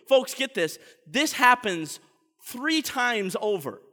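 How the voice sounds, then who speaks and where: A man preaching a sermon as the pastor, telling the story in an animated way and tripping over repeated words. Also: extremely high pitch, takes it slowly, in a large hall.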